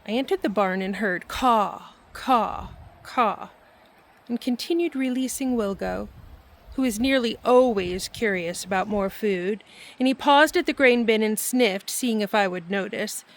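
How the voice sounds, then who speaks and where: A middle-aged woman hosting her own channel, telling a personal story softly and reflectively, laughing now and then. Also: medium pitch, slight background noise. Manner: soft, reflective, laughs often. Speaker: vlog host and storyteller. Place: at home near a barn.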